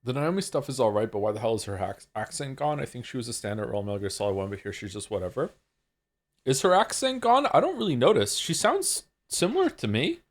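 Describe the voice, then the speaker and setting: A man hosts a live game stream and chats casually with his viewers. He reads their messages aloud and answers them with a talkative, wry edge. His pitch sits at an ordinary height, but it swings around animatedly as he talks. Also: big pitch swings, quick pace, hardly any pauses.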